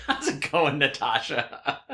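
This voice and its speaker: A bright, sharp-toned man who keeps laughing through a relaxed podcast chat. His pitch swings up and down as he teases his co-host. He is recorded at home, sharing one microphone. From Pennsylvania, USA. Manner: joking, giggly, teasing. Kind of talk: casual chat. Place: home dining room. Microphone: two hosts sharing one microphone.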